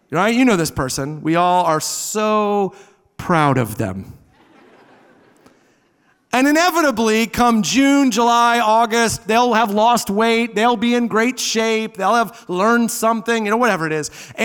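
A man in his thirties preaching a sermon, animated, moving between loud emphasis and hushed asides. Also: high voice. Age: 30s. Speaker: pastor. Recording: long reverb of a large hall.

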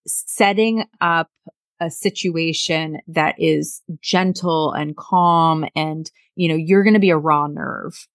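In a dry, studio-quality recording, a middle-aged woman speaks slowly in a deep voice. She's earnest in this casual talk about sobriety, frequently repeating words and acting out lines from her family life.

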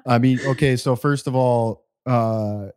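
A man's voice: medium pitch, steady tone, a little slow, darkish tone, clear, resonant tone. A man hosting a casual podcast chat in a laid-back, rambling way. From Canada. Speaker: podcast host. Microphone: remote call.

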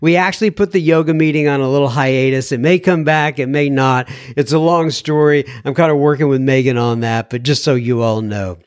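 A man's voice: medium pitch, fairly quick, hardly any pauses, clear, resonant tone, dry recording, studio quality. A man hosting a podcast, reading listener messages aloud in a casual, chatty way, thinking aloud with fillers and self-corrections.

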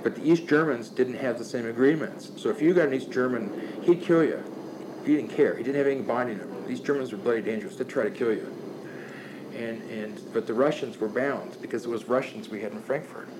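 Older man, animated profane storyteller, stumbling restarts, noisy background. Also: medium pitch, brisk. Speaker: guest storyteller. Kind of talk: casual anecdote telling.

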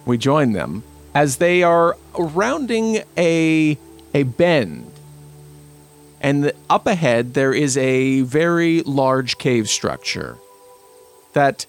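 A man narrating as the game master of a tabletop role-playing game, describing scenes slowly with pauses. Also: medium pitch, sing-song, creaky, soft background music.

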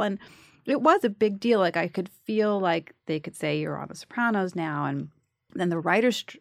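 A woman guest telling a story in casual chat, acting out the quotes in lively bursts. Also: fairly low pitch, normal speed, creaky, dry recording, studio quality. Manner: animated, acts out quotes.

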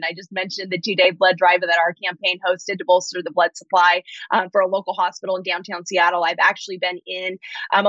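Bright-voiced woman candidate on a muffled line. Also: mid-range voice, no room sound. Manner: upbeat, insistent stump-speech delivery. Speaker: political candidate, guest. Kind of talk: campaign talking points.

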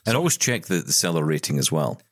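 A man co-hosting a podcast in casual chat, insistent and animated, stammering over restarts. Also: very deep voice, quick pace, dry recording, studio quality. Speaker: podcast co-host.

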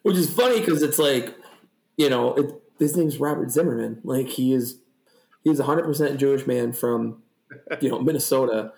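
A man's voice: medium pitch, normal speed, gravelly. A young man co-hosting a podcast, rambling and swearing as he tells stories in a casual chat. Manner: rambling, profane, animated storytelling. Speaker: podcast co-host. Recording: echoey room.

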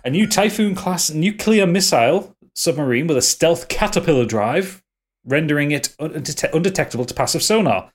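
A podcast host chats casually about films, rambling with many fillers and restarts. His voice is a little high and animated, at a moderate pace.

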